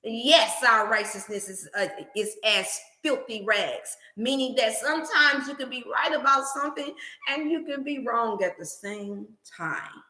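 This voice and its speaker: A wellness channel host with a bright, fairly high voice preaches motivation and healthy eating as if delivering a sermon. She speaks at a measured pace, animated and sprinkling in scripture, in an echoey room.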